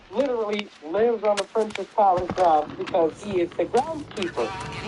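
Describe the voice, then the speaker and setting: A woman streamer casually recounts a story while she plays, swearing freely and acting out the lines of each character. Her voice sits in a middle pitch. A faint hiss of noise runs underneath. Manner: animated retelling with lots of swearing and acted quotes. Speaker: gaming streamer.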